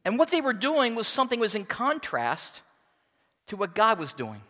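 Lively high-voiced male preacher. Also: normal speed, big-room sound. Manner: expressive preaching, emphatic, reads scripture aloud. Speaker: pastor. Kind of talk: sermon.

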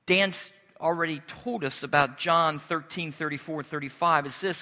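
Pastor guy preaching slow and earnest, highish bright voice. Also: in a large hall. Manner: earnest, deliberate preaching with pauses and restarts. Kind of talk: sermon.

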